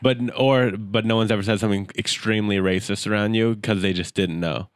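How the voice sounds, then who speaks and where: A man's voice: fairly low pitch, fairly even intonation, brisk, clear, resonant tone, no echo, clean studio sound. A man hosting a casual podcast conversation, an easygoing comedian who asks questions and agrees often.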